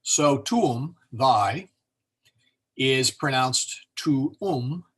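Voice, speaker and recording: Chatty man teaching a language class. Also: medium pitch. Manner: relaxed and chatty, many fillers and self-corrections, joking asides; sounds words out slowly to model them. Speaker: Latin teacher. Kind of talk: informal classroom lesson.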